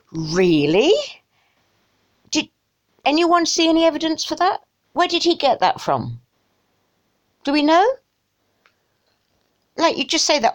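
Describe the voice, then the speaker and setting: Sarcastic woman ranting with lively pitch. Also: a little slow, long pauses. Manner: sarcastic, exasperated, mutters asides. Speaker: video blogger. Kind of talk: emotional rant commentary.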